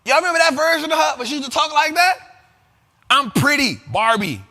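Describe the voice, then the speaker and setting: A man hosting an investing show, talking in animated, profane casual commentary and often asking if listeners follow him. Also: very high-pitched, very fast, gravelly, in a large hall. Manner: animated and profane, keeps asking "you feel me?". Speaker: host of a money and investing show.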